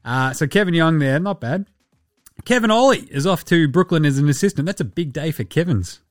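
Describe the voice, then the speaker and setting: A man hosting a casual basketball podcast, animated and sweary with jokey asides. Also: on the high side, fairly quick, dry recording, clean studio sound, soft background music. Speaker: podcast host.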